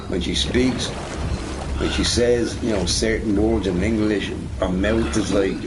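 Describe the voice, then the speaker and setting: A man streaming a game, chatting casually in a rambling way, often tagging on "right?" and swearing. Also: on the low side. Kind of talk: casual chat while gaming. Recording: noisy recording with game sound behind.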